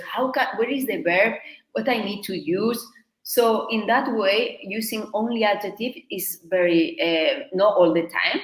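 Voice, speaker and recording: A Spanish teacher who is a native Spanish speaker explains learning tips in a lively, emphatic style, punctuating points with punchy "boom" accents. The audio is poor and the room is echoey.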